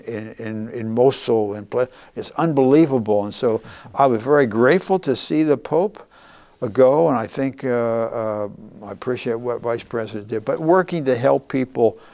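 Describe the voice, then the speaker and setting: Older man, earnest interviewee, halting delivery with frequent restarts. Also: medium pitch, darkish tone. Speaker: former congressman, guest.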